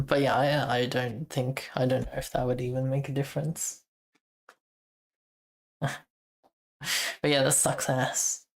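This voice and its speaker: A woman with a strikingly low voice chats with her stream while she codes, in an unhurried, drawn-out way. She thinks out loud, trails off and starts over, and chuckles now and then. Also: vocal fry. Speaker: streamer and software developer. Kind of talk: casual live-coding stream chat.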